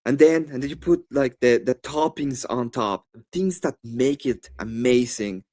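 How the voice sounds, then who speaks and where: A man with a Spanish accent, debating on a live stream in a rambling, animated way with many fillers and restarts. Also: mid-range voice, measured pace.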